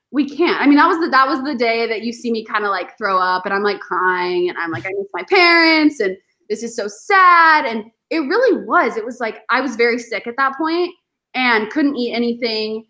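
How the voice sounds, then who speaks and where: A woman, a guest on a podcast, telling animated stories in casual chat and acting out her past self. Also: a little high, fairly quick. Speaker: podcast guest, former reality show contestant.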